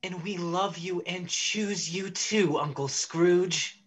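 A woman's voice: lowish voice, takes it slowly, husky. A woman playing an eager, affectionate young nephew in an amateur online play. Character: warm-hearted young male nephew, eager.

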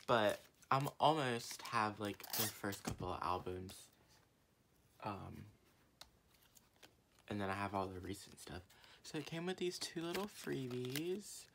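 A woman's voice: measured pace, long pauses, background noise. A young woman chatting her way through an unboxing haul vlog, rambling with fillers and restarts and gushing like an eager fan. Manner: gushing fan, swings from low murmuring to excited squeals. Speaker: vlogger.

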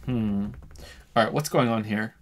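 A man's voice: on the low side, measured pace. A man streaming a video game, reading its dialogue and narration aloud with wry asides of his own. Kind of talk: casual game playthrough narration.

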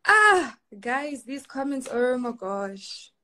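Slow-talking young woman chatting on a livestream. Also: mid-range voice, gravelly. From Kenya. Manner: chatty, reads comments aloud, laughs often. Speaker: livestreamer reading comments. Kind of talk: casual live-stream chat.

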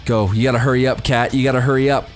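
A young man commenting on a game as he plays, giddy and breaking into high-pitched squeals of surprise. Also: fairly even intonation, fast, faint music behind. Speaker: gameplay commentator. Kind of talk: excited let's-play commentary.

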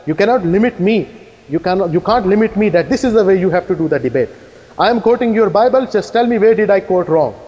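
A man giving a fast, insistent debate rebuttal, firing challenging questions at his opponent. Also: high-pitched, mellow. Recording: echoey hall reverb.

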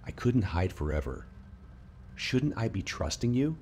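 A man voicing a calm, quietly sinister young woman in a spoken horror story, talking softly and evenly. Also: lowish voice, a little slow, slight background noise.

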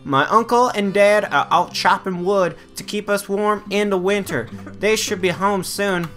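A man's voice: a little slow, a bit bright, soft background music. A man reading out a little village girl's lines from a game in a raised voice. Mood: plain. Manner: high-pitched reading of game text. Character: little girl villager home alone.

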